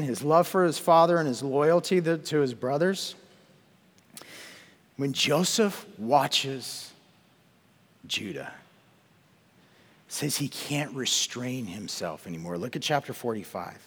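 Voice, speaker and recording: A man's voice: fairly high pitch, in a large hall. A man preaching a sermon and reading scripture aloud, often repeating words and putting questions to his listeners. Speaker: pastor.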